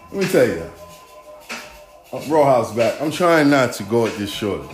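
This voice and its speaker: A man's voice: mid-range voice, big pitch swings, moderate pace, pauses often. Profane, rambling male podcast host. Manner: profane, rambling, rhythmic street talk. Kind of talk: casual podcast rant. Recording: echoey room, faint music.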